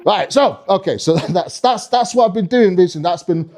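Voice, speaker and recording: A man's voice: sits high, lively intonation, normal speed, darkish tone. A man doing stand-up comedy, telling a rambling, swearing story with lots of restarts. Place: comedy club stage.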